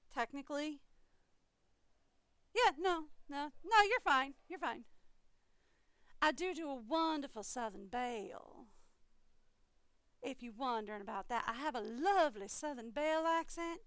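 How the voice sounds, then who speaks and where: A young American woman streaming a game from home, chatty and rambling with frequent giggles. Her voice is high, bright and crisp, close to the mic with a dry sound. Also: no echo. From eastern United States. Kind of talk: casual live game stream chat.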